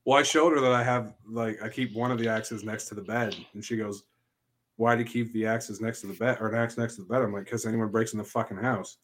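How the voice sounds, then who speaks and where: A man hosting a casual podcast, telling animated stories packed with profanity. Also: fairly low pitch, fast talker, a little hiss or hum.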